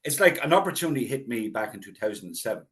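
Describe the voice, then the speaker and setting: A middle-aged Irish man, a local historian, telling anecdotes in a relaxed interview and acting out the voices of people he quotes. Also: mid-range voice, rapid-fire. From Ireland. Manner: chatty anecdotal storyteller, acts out quoted voices. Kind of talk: casual storytelling interview.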